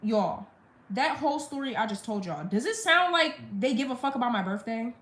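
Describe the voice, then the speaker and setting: A woman's voice: a little high, animated, normal speed, fairly bright tone. A young woman on a live stream, venting a blunt, profane storytime rant about her family. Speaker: livestreamer. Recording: roomy echo.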